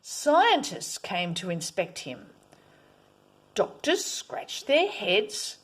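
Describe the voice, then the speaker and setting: A woman reading a children's picture book aloud, expressive, at times dropping to a whisper. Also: medium pitch, extremely slow, slightly rough. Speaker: storyteller.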